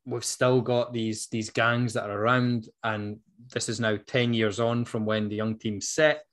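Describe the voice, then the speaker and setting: A man's voice: mid-range voice, level tone, unhurried. Man, Dundee Scottish accent, podcast co-host, casual chat, earnest, lots of ums. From Dundee, Scotland. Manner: earnest, passionate, with frequent ums.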